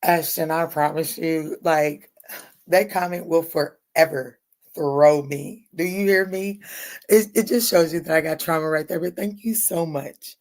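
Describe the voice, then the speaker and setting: A woman's voice: low-pitched, measured pace, a little mellow. A woman hosting a late-night tarot livestream, chatting casually and bluntly with viewers, greeting them by name and swearing freely.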